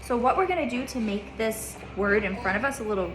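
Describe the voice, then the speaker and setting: A woman's voice: a little high, expressive, brisk, soft background music. A woman teaching a child reading in a one-on-one lesson, patient, repeating her questions and checking in with "okay?".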